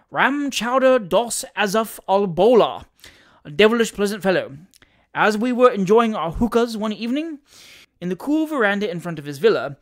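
A boastful older sea captain, as an audiobook reader puts him on, holds court with pompous swagger. His pitch leaps and rolls with lively range as he spins his tall tale. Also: close to an everyday voice. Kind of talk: audiobook character voice.

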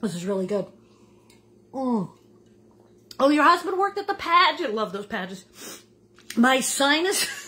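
An older woman hosting a casual home cooking vlog. She is chatty and animated and keeps tasting as she talks. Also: fairly high pitch, normal speed, long pauses. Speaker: cooking show host. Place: home kitchen.

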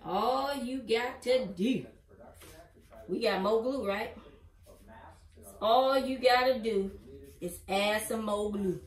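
A woman's voice: on the high side, slow pace, pauses often. Older woman, crafts teacher, repetitive and encouraging, heard in a roomy space from a distance. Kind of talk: casual tutorial. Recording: roomy sound from a distant mic.

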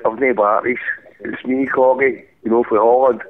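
A man calling in on a mobile, excitable and swearing as he argues. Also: mid-range voice. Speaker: caller. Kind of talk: casual phone chat. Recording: tinny mobile phone line.

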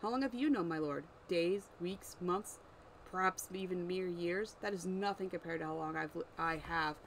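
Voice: medium pitch, normal speed, creaky, a bit bright, a little hiss or hum, poor audio. A reader voicing a proud, ancient, eyeless female demon servant with horns, scornful and easily wounded, in an amateur story read-aloud. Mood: furious.

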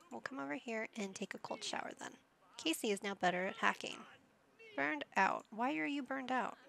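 Slow, gravelly woman chatting over a game. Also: mid-range voice, fairly bright tone. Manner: chatty, teasing, talks to her characters. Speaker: gaming channel host. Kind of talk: casual let's-play commentary.

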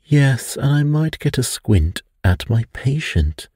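A man's voice: mid-range voice, sing-song, slow pace, warm tone, slightly rough, no echo, studio quality, pitched above the performer's own voice, full character voice. A man reading a bedtime story, voicing a careless, scoffing middle-aged doctor who laughs things off.

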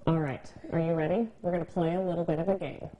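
A woman's voice: fairly low pitch, steady tone, highs cut off. A woman hosting a local TV interview, bubbly and playful. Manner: bubbly, playful, quick to laugh. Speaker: TV show host. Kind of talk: lively morning TV interview.

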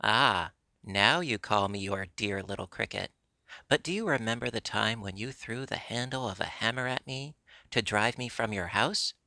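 A man voicing a small, stern, wise old talking cricket, with a high piping lecturing manner, in a storybook reading. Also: normal speed, creaky, bright, forceful tone, no echo, exaggerated voice. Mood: reproachful.

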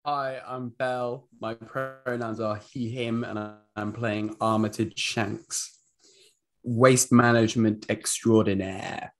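A man's voice: mid-range voice, fairly even intonation, slow. A man playing a tabletop role-playing game, chatting casually. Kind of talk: casual chat.

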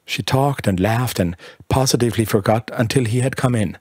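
A man reading a literary short story aloud in a measured, expressive narration. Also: medium pitch, husky, no room sound, studio quality.

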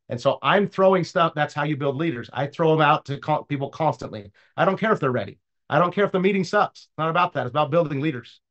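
A man's voice: fairly high pitch, fairly bright tone, muffled recording. A man leading his sales team, giving a motivational talk in a blunt, casual way and often checking that they follow. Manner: casual, blunt, repeats "does that make sense?". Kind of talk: motivational talk with personal story.

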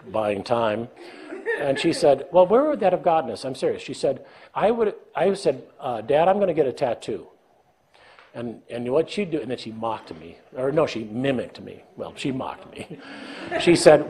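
A man's voice: mid-range voice, animated, moderate pace, a little mellow. An older man giving a leadership talk, telling self-deprecating stories and acting out dialogue with a chuckle. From United States. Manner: storytelling, self-deprecating, acts out dialogue with laughs. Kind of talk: conversational lecture with anecdotes.

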